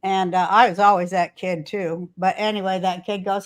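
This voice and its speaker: An older woman hosts a casual podcast from a hotel room, rambling through stories and ranting with plenty of swearing. Her voice sits at a medium pitch with a level tone, and she talks at a moderate pace with few pauses.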